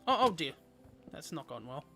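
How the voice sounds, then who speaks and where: A man's voice: a little high, big pitch swings, moderate pace, bright, forceful tone, soft background music. A young man chatting playfully with viewers while streaming a game. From Australia. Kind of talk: casual gameplay livestream chat.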